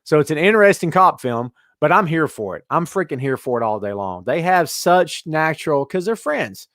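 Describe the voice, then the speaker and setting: A man hosting a casual wrestling talk show, animated and chatty, reading out listener comments. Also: fairly high pitch, moderate pace, no echo, studio quality. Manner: animated, reads out chat comments. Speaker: podcast host.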